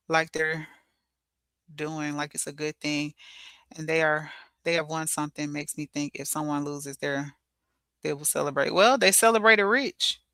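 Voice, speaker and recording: Brief: woman streamer reacting to chat, crude and loud-laughing, with a smooth, crisp tone. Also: sits low, dry recording. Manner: blunt, profane, laughs loudly at her own jokes. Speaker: livestream host reading chat comments. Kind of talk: casual livestream chat.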